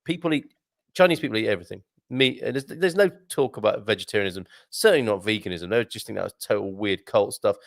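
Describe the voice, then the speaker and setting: A man's voice: lowish voice, quick pace, creaky, dry recording. A middle-aged man chatting loosely on a live stream, trailing off and restarting his sentences as he reads out comments. The sound is dry and close, with no room around it. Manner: rambling, many restarts, chuckles. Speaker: co-host reading viewer comments. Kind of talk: casual chat on a live stream.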